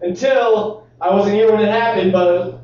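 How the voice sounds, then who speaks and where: A man's voice: high voice, fairly even intonation, unhurried. A man hosting a show, chatting casually and telling wry, playful stories. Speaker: podcast host. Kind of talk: casual comedic chat. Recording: roomy, distant, dull live mic.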